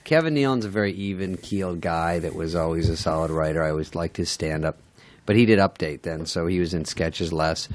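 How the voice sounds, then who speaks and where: A middle-aged man with a fairly low voice, telling stories in a dry, wry, self-deprecating way. He is a guest comedian in a casual chat. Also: brisk. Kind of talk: casual storytelling with acted quotes.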